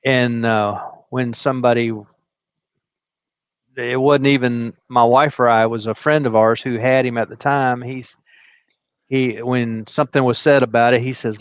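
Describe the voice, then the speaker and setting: A man speaks slowly and haltingly, restarting his sentences and chuckling. His voice sits mid-range. The sound is dull and dry, like a call line. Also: mid-range voice, steady tone, smooth, no room sound. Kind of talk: casual storytelling chat.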